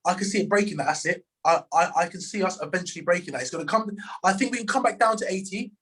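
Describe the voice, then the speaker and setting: A high-voiced man talks trading charts with a friend. He stumbles and restarts his phrases often, dropping "bro" into casual speech. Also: a bit bright. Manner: halting, many restarts, says "bro". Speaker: trader. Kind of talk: casual chat.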